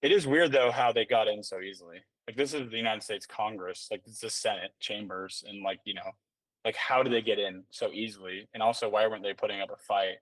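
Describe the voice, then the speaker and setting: A man's voice: lowish voice, a little fast, dry recording. A man talking as a podcast guest in casual chat, rambling and filling his talk with "like" and restarts. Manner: rambling, filler-heavy, many restarts and "like"s. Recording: dry sound, somewhat distant mic.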